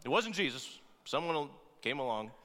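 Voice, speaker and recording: Bright-voiced pastor preaching in a big hall. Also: male voice, medium pitch, big pitch swings, moderate pace. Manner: conversational, with frequent "right?" asides and playful asides. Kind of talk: sermon. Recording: long reverb of a large hall.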